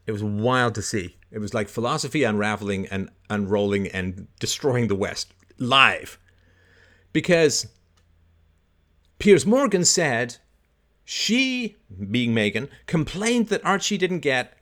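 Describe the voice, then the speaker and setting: Middle-aged male livestream host, lively swooping delivery, mocking, quick to laugh, acts out quoted voices. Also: mid-range voice. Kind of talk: casual livestream monologue.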